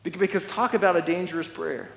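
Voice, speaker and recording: High-voiced male pastor in an echoing hall. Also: fairly even intonation, fast talker, vocal fry, a bit bright. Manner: emphatic preaching with repeated words and restarts. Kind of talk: sermon. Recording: long echoey church hall reverb.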